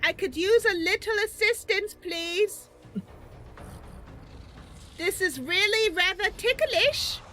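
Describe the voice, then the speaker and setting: A woman doing a shrill, prim stuffed bunny. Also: lively intonation, takes it slowly, pauses often, soft background music, exaggerated voice. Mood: fussy. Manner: polite, fussy, very high and loud.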